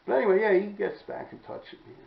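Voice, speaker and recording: A man, hosting a podcast and telling stories in a blunt, profane, rambling way, often clearing his throat. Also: high voice, fairly even intonation, quick pace. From New York City. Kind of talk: casual storytelling monologue. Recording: roomy, dull-sounding recording.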